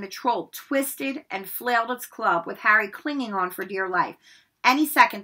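A woman reading a children's novel aloud, acting out the dialogue and dropping her voice for the suspenseful parts. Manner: expressive, lifts her voice high for the boys' lines and drops low for suspense. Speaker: read-aloud narrator. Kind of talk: storybook read-aloud narration.

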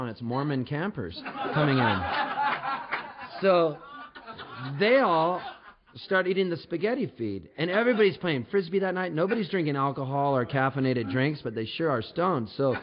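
A man telling a comic story on stage in an animated, jokey way, building up to his punchlines. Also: on the high side, dull audio.

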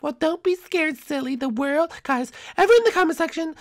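A woman's voice: high voice, a little fast. A woman voicing a cheerful, chatty young princess who hosts the show, in a Minecraft role-play. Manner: peppy, chatty, excitable. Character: cheerful, bossy young princess hostess, Peach. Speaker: series host.

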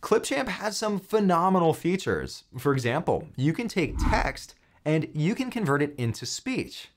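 Man, tutorial host, animated pitch, upbeat, step-by-step explaining. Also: a little slow, slight background noise. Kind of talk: software tutorial walkthrough.

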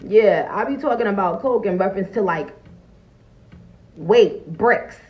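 A woman's voice: mid-range voice, a little slow, lo-fi sound. A woman chatting casually on a phone livestream from home, blunt and profane, laughing often and breaking off to greet viewers. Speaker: live streamer greeting viewers.

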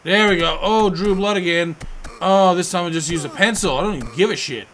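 A man with a fairly high, bright, tense voice commentates his own game play. He rambles through jokes and keeps bursting into loud, cursing outbursts. There is a faint hiss behind him. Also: a little fast. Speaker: gameplay commentator.

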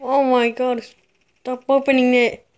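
A woman's voice: high-pitched, little pitch movement, a little slow, a little mellow, smooth. Jittery woman narrating a horror game. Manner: frightened, jittery, nervous laughs. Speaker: gamer.

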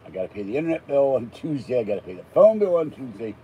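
Rambling older man, dark voice. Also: mid-range voice, sing-song, quick pace, slight background noise, poor audio. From Pittsburgh. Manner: chatty, digressive, self-deprecating asides. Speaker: unboxing vlogger. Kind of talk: rambling casual monologue.

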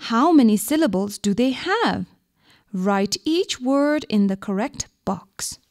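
A woman's voice: on the high side, a little mellow. A woman teaching a radio lesson to young children, patient and coaxing, asking questions and answering them herself. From Bhutan.

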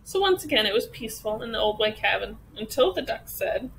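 A woman teacher reading a children's picture book aloud with expressive storytelling. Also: fairly high pitch, a little fast, vocal fry, a little hiss or hum, low-quality recording.

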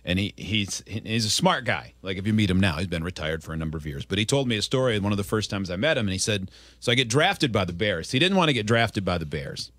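A man hosting a casual sports interview, telling stories and quoting people with animated delivery. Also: on the low side, fast, dry recording. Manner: storytelling, animated quotes. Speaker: radio host.

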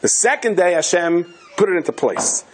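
A man, a rabbi, giving a Torah lecture with animated storytelling, acting out the voices of the people he quotes. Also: high-pitched, moderate pace, slight background noise. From Hasidic community in the United States.

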